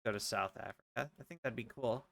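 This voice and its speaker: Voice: mid-range voice, brisk, creaky, no room sound. A streamer chatting casually and rambling while playing a game at a home setup. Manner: rambling, joking aside-talk. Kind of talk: casual gameplay chat.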